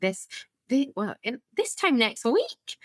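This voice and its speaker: A woman's voice: fairly high pitch, sing-song, slow, fairly bright tone, no room sound, studio quality. A woman, co-hosting a podcast in casual, self-deprecating chat. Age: 30s. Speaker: podcast co-host.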